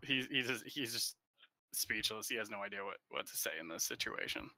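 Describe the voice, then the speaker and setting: A man's voice: fairly low pitch, brisk, pushed and bright. A man playing a tabletop game, asking hesitant questions about the scene. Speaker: player.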